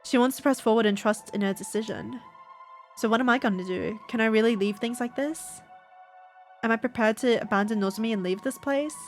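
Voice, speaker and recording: A woman's voice: fairly high pitch, fairly quick, soft background music. A slightly sick woman streamer reading game dialogue aloud dramatically, with casual asides. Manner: reads lines dramatically, breaks off into casual asides with laughs. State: a little sick, stuffy. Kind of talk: game playthrough with voiced reading.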